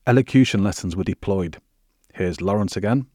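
A man hosting a history podcast, telling the story in measured, wry scripted narration. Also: low-pitched, a little mellow, dry recording, studio quality. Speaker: podcast host.

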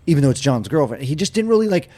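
A man's voice: on the high side, big pitch swings, racing, warm tone. A young man in casual chat, jumping in on a shared story, swearing freely and acting out punches. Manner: casual, profane, acts out quotes and punch sounds.

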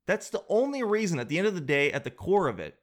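A man from Canada chatting casually on a podcast in an animated, joking, slangy way. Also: sits high, fast. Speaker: podcast host.

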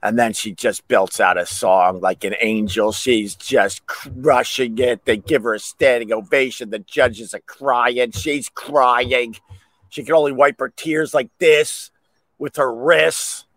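A man's voice: medium pitch, steady tone, slow pace, a bit bright, no room sound. Middle-aged man, podcast host, rambling comic storyteller, mid-range voice, dry close sound. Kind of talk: casual solo chat.

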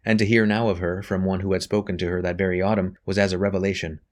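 Guy reading an audiobook, really low voice, steady and even. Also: quick pace. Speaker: audiobook narrator. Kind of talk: scripted narration.

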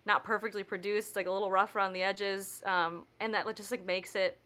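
Band guest on a podcast, a woman with a bright voice who swears freely. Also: medium pitch, flat delivery, brisk. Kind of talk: casual podcast chat.

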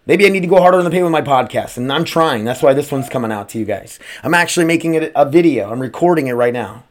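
Speaking quickly with lively intonation and a slightly high pitch, a U.S. podcast host and streamer rants on his solo show. Expect heavy swearing, rambling digressions and plenty of rhetorical questions.

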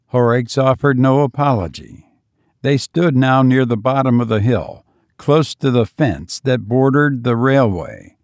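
A man giving measured, deliberate scripted audiobook narration on a close studio mic. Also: mid-range voice, lively intonation, a little mellow, no room sound.

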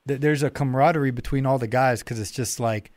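A man's voice: mid-range voice, fast talker, no room sound. A man hosting a podcast, chatting casually in a rambling way with many restarts. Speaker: podcast host. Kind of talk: casual interview chat.

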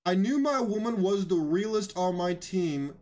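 A man's voice: high voice, expressive, moderate pace, darkish tone. A man giving mocking, incredulous reaction commentary on videos, often emphatic and raising his voice.

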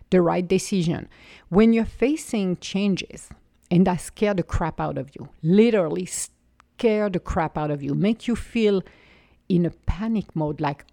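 A woman's voice: fairly low pitch, gravelly, warm tone, dry recording, clean studio sound. A woman telling her own life story to an audience in an emotive, rambling, motivational way. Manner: emotive, rambling, with laughs and restarts.

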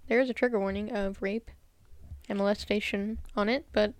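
A woman's voice: medium pitch, steady tone, fairly quick, no room sound. A young woman co-hosting a podcast, chatting casually and reacting bluntly, sometimes with swearing. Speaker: podcast co-host. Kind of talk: casual chat.

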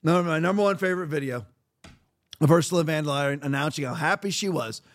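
High-voiced man hosting heated commentary. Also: fairly quick. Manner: heated, emphatic, repetitive. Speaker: podcast host. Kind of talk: opinionated political commentary.

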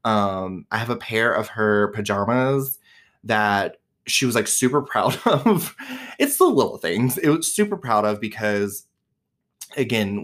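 A podcast host in his twenties talks through a casual personal monologue in a fairly low, slightly bright voice. He's chatty and candid, swears freely, and leans on lots of fillers like "like" and "um."

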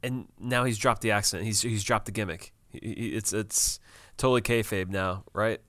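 A man's voice: on the low side, steady tone, moderate pace, fairly bright tone, no echo. A man co-hosting a casual TV recap chat, talking loosely with many fillers and laughs. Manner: chatty, laughs often, many fillers and restarts. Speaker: podcast co-host.

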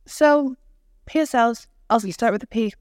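A woman co-hosting a podcast in easy casual chat. Her voice sits a little high, and she moves from a quick aside into questions for her co-host. The recording is dry and close. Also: dry recording.

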